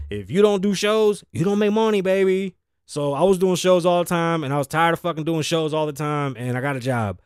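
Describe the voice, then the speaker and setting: His voice is fairly high and smooth, captured dry at studio quality on a studio mic via an audio interface. The speaker hosts his own show and hails from the Bronx, New York. Sleepy and tired, he gives a casual solo monologue that rambles, curses and runs himself down.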